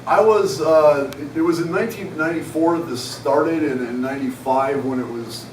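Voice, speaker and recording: A man in his forties tells his story in a frank, conversational way, his voice sitting a little high for a man. He sounds set back from the mic in a roomy conference hall. A faint hum of room noise runs underneath. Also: moderate pace. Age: 40s. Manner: frank, conversational, self-deprecating. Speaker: conference speaker. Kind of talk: candid personal storytelling to an audience. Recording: echoey hall, mic at a distance.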